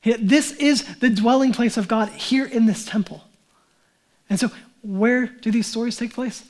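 A man's voice: extremely high pitch, a little slow, darkish tone. A man, a pastor, preaching a sermon in a conversational way, often asking and answering his own questions.

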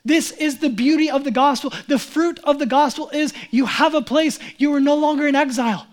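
A man's voice: extremely high pitch, a little fast, hardly any pauses. A man preaching a sermon as pastor, talking casually and conversationally with many "like"s and acting out Bible figures in quoted speech. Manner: casual and conversational, heavy use of "like".

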